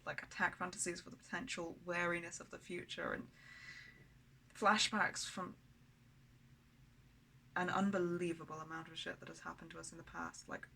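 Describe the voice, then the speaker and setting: A woman speaks in a personal video diary, blunt and rambling, with lots of swearing. Her voice is lowish and crisp with a tense brightness, and it stays fairly flat in pitch. A faint hum sits behind her. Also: moderate pace, long pauses, low-quality recording. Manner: raw, candid and blunt, with frequent swearing; rambling, with many fillers and restarts. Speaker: vlogger.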